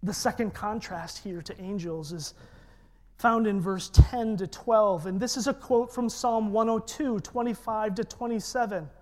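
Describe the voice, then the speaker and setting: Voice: mid-range voice, measured pace, a little mellow. A preacher giving an emphatic sermon and leading the congregation in call-and-repeat. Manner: emphatic, leads congregation in repetition.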